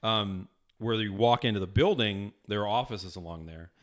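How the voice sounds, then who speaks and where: A man chatting casually on a podcast, telling stories and acting out other people's shouted lines. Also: on the low side, normal speed. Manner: animated storyteller, acts out quotes loudly. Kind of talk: casual chat.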